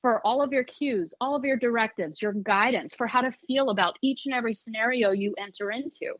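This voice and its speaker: A woman's voice: a little high, fairly quick, a bit bright, no room sound. Woman, dog trainer guest, interview talk, emphatic, restarts phrases, dull lo-fi sound. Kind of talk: conversational interview. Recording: dull lo-fi audio.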